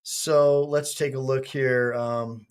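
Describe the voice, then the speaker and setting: A man's voice: mid-range voice, little pitch movement, takes it slowly, clean tone. A man, an attorney hosting a livestream, chatting casually in a rambling, joking and crude way.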